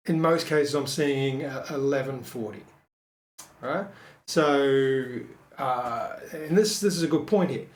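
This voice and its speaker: A man casually walking through a screen-share design tutorial, thinking aloud with frequent ums and quick self-corrections. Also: on the high side. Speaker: web designer teaching a tutorial. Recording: echoey room.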